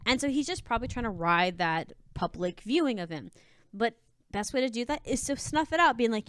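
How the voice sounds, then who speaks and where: A woman's voice: fairly high pitch, lively intonation, moderate pace, a bit bright, clear, resonant tone. A woman reading and commenting on advice posts in a casual, sassy, chatty way, with frequent restarts and asides. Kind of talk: casual commentary on reader stories.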